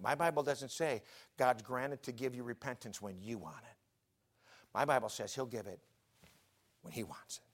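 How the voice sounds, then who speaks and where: A man preaching an impassioned sermon as pastor, pleading with his listeners and swinging from shouts down to hushed whispers. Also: medium pitch.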